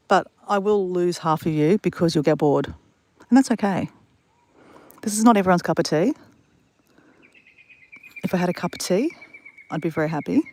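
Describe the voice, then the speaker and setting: A woman's voice: on the low side, a little mellow, no room sound. A woman live-streaming outdoors in the bush, rambling through stories and talking straight to her chat. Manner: chatty, rambling storyteller talking straight to viewers. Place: outdoors in the bush beside water.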